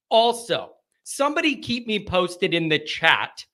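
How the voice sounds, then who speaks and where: A man hosting a live late-night call-in sports show, rowdy and animated, chatting with his viewers. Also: high voice, a little slow, hardly any pauses. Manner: rowdy, animated, talks to the chat.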